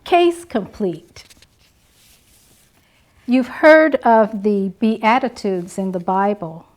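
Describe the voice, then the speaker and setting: A woman nursing instructor giving a graduation address with slow, emphatic, call-and-response delivery. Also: medium pitch, a little mellow.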